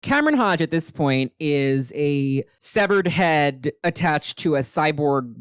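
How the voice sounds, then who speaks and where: A podcast host chatting casually, animated and joking crudely between laughs. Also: mid-range voice, a little slow, clean tone.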